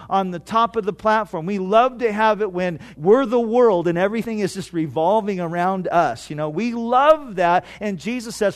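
High-voiced man preaching emphatically. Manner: emphatic preaching with dramatic pauses and repetition. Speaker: pastor. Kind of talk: sermon.

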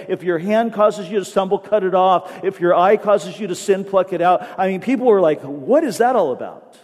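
A male pastor preaching a sermon in earnest, slowing down to stress key phrases. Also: high-pitched, darkish tone. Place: church sanctuary. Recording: long hall reverb.

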